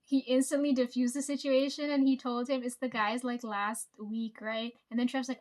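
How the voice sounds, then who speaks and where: A woman's voice: a little high, fairly even intonation, slow pace, pauses often, a little mellow. Chatty, foul-mouthed woman telling stories. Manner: chatty, swears a lot, frequent fillers and laughs. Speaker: vlogger telling work stories. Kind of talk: casual storytime chat.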